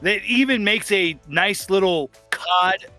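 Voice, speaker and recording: A man's voice: sits high, takes it slowly, pushed and bright. A man narrating as game master, playful and laughing, slipping into character voices. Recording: faint music behind.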